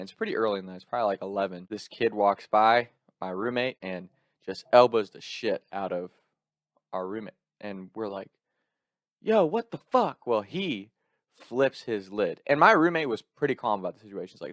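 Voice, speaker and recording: A young man casually telling a personal story in an animated way, laughing often and swearing freely. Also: lowish voice, no room sound, clean studio sound.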